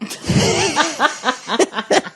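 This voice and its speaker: A man's voice: extremely high pitch, expressive, very slow, pushed and bright. A man hosting a podcast, telling a story in casual chat, swearing freely and often breaking into laughter. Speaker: podcast host.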